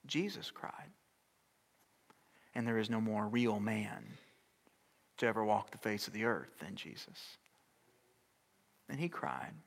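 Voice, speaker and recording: Recorded with a long hall reverb, a middle-aged man preaches as pastor, swinging between loud, urgent exhortation and soft, near-whispered passages. His voice is mid-range and creaky.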